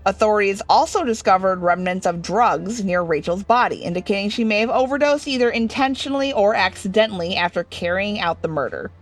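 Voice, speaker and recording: This young host's medium-pitched voice is expressive and fairly quick, with few pauses, as she plays a horror game for her video. She reads the game's text out loud and adds joking asides in a casual let's-play manner.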